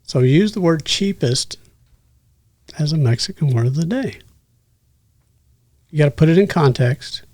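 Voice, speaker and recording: Middle-aged man, podcast guest, rambling and joking, lively pitch, dry sound. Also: measured pace, long pauses, no room sound. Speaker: guest, horse business owner. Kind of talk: casual podcast chat.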